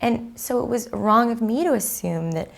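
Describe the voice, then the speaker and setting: A woman's voice: on the high side, moderate pace, vocal fry. A woman in her thirties, a prenatal class teacher, talking openly and reflectively in an interview, with many fillers. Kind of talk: candid interview conversation.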